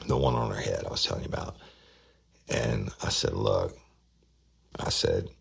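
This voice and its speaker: A middle-aged man hosts a true-crime podcast. His voice is extremely low and gravelly, with a husky grain. He recounts an interrogation casually and turns aside to talk to his listeners. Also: bright, forceful tone. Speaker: podcast host.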